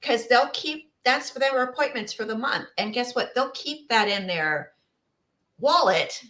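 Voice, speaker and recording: A woman co-host gives emphatic, coaching business advice in casual podcast chat. Her voice sits a little high and sounds bright and forceful. The room around her rings with a noticeable echo. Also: expressive, a little slow. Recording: roomy echo.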